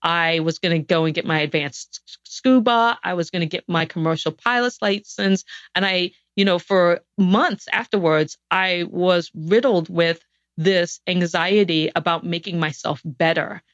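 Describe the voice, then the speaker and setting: A woman's voice: fairly low pitch, a little slow, no echo. A woman guest on a podcast interview, telling a personal story in an earnest, reflective way with frequent restarts. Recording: dull, dry sound.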